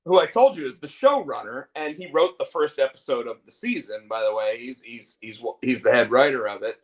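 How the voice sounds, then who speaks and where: A man's voice: mid-range voice, expressive, fairly quick. A man hosting a casual chat show, chatty and jokey, often mimicking actors' lines. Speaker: host.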